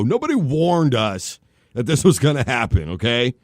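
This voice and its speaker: Speaking quickly at medium pitch, a man hosts a studio sports talk show through a studio microphone, with no echo in the sound. The talk is casual and animated, packed with jokes and drawn-out comic analogies.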